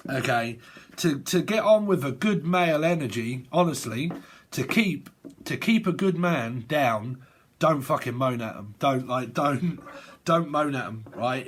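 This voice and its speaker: A man's voice: a little high, slightly rough. A man giving a casual tarot reading, rambling and swearing, often breaking into laughter. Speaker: tarot reader.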